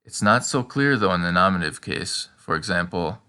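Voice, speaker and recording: A man teaching a scripted language lesson, prompting the listener with questions and slowing down for the example sentences. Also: deep voice, expressive, pushed and bright, clear, resonant tone.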